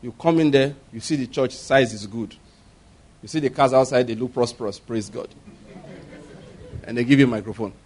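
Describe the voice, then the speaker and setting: A man's voice: mid-range voice, normal speed, pauses often, a little mellow. A man preaching a sermon, emphatic and laughing often, acting out little voices as he talks. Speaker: pastor.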